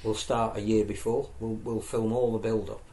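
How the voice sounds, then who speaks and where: A man's voice: fairly low pitch, normal speed. A man on a rugby league talk show, chatting loosely with plenty of restarts and repeated words. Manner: rambling, many restarts, animated storytelling. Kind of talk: casual studio discussion.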